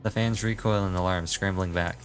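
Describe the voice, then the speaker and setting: A man's voice: low voice, steady tone, brisk, faint music behind. A man streaming his reaction to a game, musing casually and reading the story text aloud.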